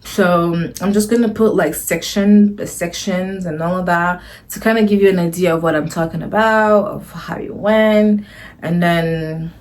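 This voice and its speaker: A woman's voice: lowish voice, fairly even intonation, normal speed, a little mellow. A woman vlogger telling a casual storytime to the camera, gushing and rambling, often restarting her phrases.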